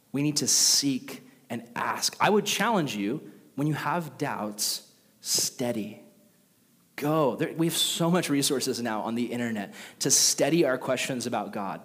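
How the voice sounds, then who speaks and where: A young man preaching a casual youth sermon who tells stories with lively voices for the characters. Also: slightly rough, in a large hall. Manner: animated storytelling, acts out characters with jumps in pitch. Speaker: youth pastor.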